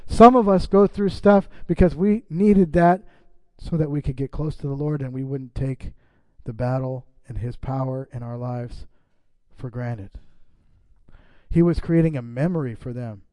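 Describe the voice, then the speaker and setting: A man's voice: mid-range voice, measured pace, dark tone, no echo. A middle-aged man preaching a sermon as pastor, reading scripture and breaking off into casual asides to the congregation.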